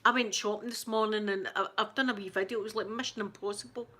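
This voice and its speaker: In this live chat, the Scottish woman who runs an ASMR channel sounds rattled and on the verge of crying, halting and restarting constantly with plenty of fillers. Her pitch is mid-range for a woman, her tone steady and sharp.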